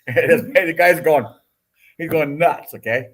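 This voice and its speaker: An older man, a guest and the host's father, telling energetic, boastful stories in casual chat. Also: on the high side, moderate pace, pauses often.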